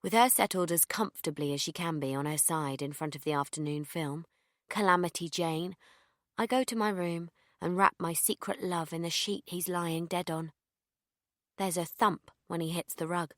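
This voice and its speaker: A young woman narrates in the first person in a fairly low voice. Her delivery is deadpan, letting dark jokes land flatly. The recording is dry and close, with no room sound. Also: normal speed, no room sound. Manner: deadpan, darkly comic asides. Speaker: audiobook narrator.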